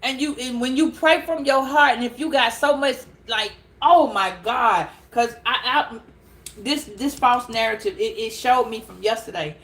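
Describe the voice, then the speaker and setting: A woman telling a story casually to camera, animated and laughing, repeating words as she goes. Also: fairly high pitch, moderate pace. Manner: animated, laughing, repeats words, calls listeners girl and child. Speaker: tarot reader.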